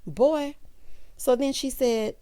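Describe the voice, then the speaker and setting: A woman hosting a casual reality-show recap, talking sassily and straight to her viewers, with big jumps in pitch for emphasis. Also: slow pace, clean tone. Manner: sassy, animated, talks straight to the viewers. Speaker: TV recap host.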